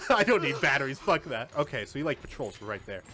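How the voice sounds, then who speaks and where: A man streaming a game, commenting live, swearing often and breaking into panicked yells and laughter at a computer. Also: a little high. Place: at a computer, keyboard and mouse.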